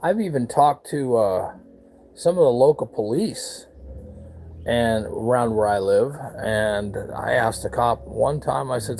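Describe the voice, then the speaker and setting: A man's voice: medium pitch, measured pace, vocal fry, darkish tone, slight background noise, poor audio. A man from the United States talking bluntly in a rambling, casual vlog on his back deck outdoors, with lots of fillers and restarts. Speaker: vlogger.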